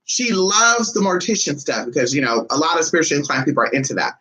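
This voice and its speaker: A woman spinning a casual storytime for her viewers in a lively, unfiltered way. She swears freely and jumps into high, dramatic voices whenever she quotes someone. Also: fast, rough recording. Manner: animated, blunt and profane, acts out others' lines with big pitch jumps. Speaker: spiritualist vlogger.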